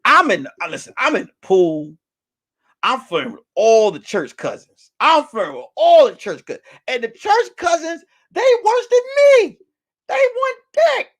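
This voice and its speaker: A man hosting a live stream, telling stories in a loud, animated and profane way that breaks into shouts on punchlines. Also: extremely high pitch, normal speed. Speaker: host. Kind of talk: casual live-stream storytelling.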